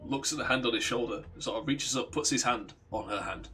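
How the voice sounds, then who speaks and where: A man's voice: medium pitch, a little fast, bright, forceful tone. A young man streaming a game, casually retelling a story in a rambling way and acting out the characters' lines. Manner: rambling, chuckling, acts out quotes.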